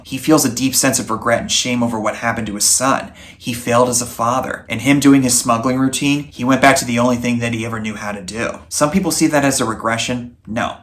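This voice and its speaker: A man's voice: medium pitch, fairly bright tone. Enthusiastic male movie reviewer. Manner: enthusiastic, earnest, conversational. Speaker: movie reviewer, channel host. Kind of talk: scripted review voice-over.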